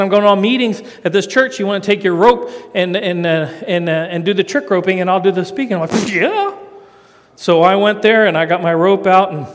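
A man's voice: sits high, big-room sound. A middle-aged man telling a self-mocking, folksy story to a live church audience and demonstrating rope tricks as he talks. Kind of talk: storytelling sermon.

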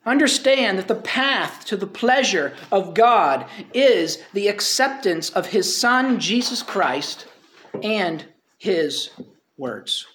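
Man preaching in a high, conversational voice. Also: very animated, takes it slowly, fairly bright tone. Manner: conversational preaching, quoting scripture, asks rhetorical questions. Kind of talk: sermon.

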